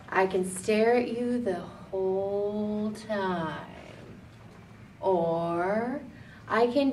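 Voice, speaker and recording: A young woman giving a classroom presentation, demonstrating by swinging between upbeat and deliberately somber delivery. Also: mid-range voice, slight background noise. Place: classroom with a blackboard. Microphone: far camera. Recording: echoey classroom from far off.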